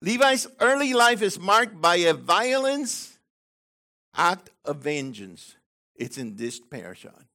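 Animated, bright-voiced male preacher. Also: high voice, takes it slowly. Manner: animated preaching, swings between loud emphasis and quiet asides; digressive, restarts and asides to the congregation. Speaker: messianic congregation leader. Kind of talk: sermon.

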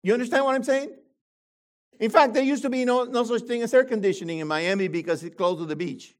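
An older man preaching a sermon to a congregation, animated and full of rhetorical questions. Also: very high voice, quick pace.

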